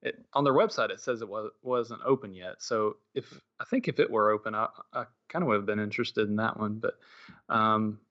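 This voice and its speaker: A man's voice: lowish voice, fairly quick, fairly bright tone. A man co-hosting a casual podcast, telling a story with many ums and restarts. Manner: hesitant, filler-heavy storytelling. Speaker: podcast co-host. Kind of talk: casual chat. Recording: slightly dull lo-fi audio.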